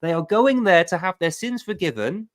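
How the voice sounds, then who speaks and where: A middle-aged man hosting a livestream, telling a personal testimony with emphatic, animated storytelling. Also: high voice, normal speed. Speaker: livestream host.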